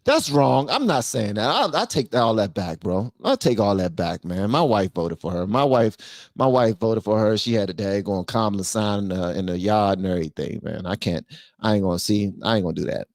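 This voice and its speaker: A man hosting a live stream who rants with a lot of energy and reads viewers' chat aloud. He swings between shouting and low muttering. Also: expressive, fairly quick, no room sound, studio quality. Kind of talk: ranting commentary and reading chat on a live stream.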